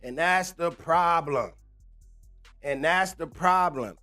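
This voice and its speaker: A man's voice: a little high, slow pace, sharp tone, faint music behind. A young man, ranting casually on a livestream, slangy and laughing often. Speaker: livestream host.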